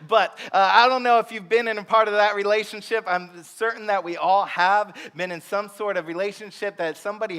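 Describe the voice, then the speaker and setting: A man's voice: high-pitched, sharp tone. A man pastor preaching a sermon to his congregation, telling a humorous story with playful acted asides. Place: church sanctuary.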